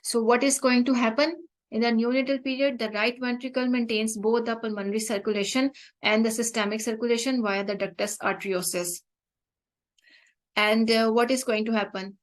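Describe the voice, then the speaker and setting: Woman, medical lecturer, slightly high voice, halting delivery, lots of fillers. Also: fairly even intonation, poor audio. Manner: halting, many fillers and restarts. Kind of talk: online exam-prep lecture.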